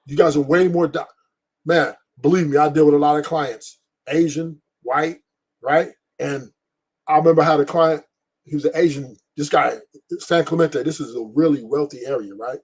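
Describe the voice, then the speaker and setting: Middle-aged man, podcast host, husky voice, fairly high for a man, blunt and profane, rambling casual talk. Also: steady tone, moderate pace, a little mellow. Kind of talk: casual opinion talk on a live stream.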